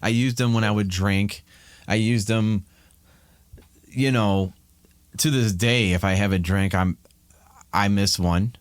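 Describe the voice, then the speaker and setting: A man from Ohio, in his thirties, talks in a candid, rambling way, often restarting his sentences. His voice sits low. The sound is dry and close. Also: steady tone, takes it slowly, long pauses, clean tone, dry recording. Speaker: podcast guest. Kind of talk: casual chat.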